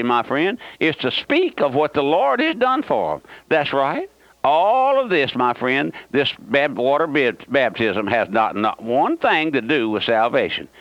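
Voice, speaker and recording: A man's voice: a little high, dry recording. Folksy man preaching over dull radio. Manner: folksy, emphatic preaching with many fillers and restarts. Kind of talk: radio sermon. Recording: dull, dry radio broadcast.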